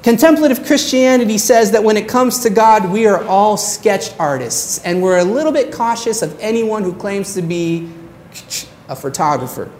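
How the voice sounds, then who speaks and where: A woman's voice: mid-range voice, expressive, a little mellow, slight background noise. Earnest woman preaching a sermon. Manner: earnest preaching, slows down on key phrases. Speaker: pastor.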